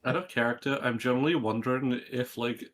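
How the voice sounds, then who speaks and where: A man's voice: mid-range voice, fast talker, fairly bright tone, slight background noise. A man playing a tabletop game, chatty and laughing easily. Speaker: player. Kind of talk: casual tabletop role-play.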